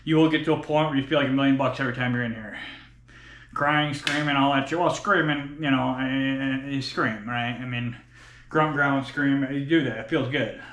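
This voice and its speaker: A man's voice: mid-range voice, steady tone, moderate pace, a bit bright. A man in his forties filming a workout vlog in a gym, breathless between sets and talking bluntly with plenty of swearing. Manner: profane, blunt, talks between sets with sighs. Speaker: fitness vlogger. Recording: echoey gym room.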